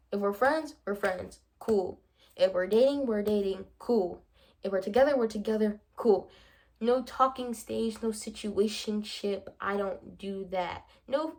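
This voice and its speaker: Gravelly-voiced young woman chatting. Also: medium pitch. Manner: animated, playful, acts out both sides of conversations. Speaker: vlogger. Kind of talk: casual chatty vlog monologue.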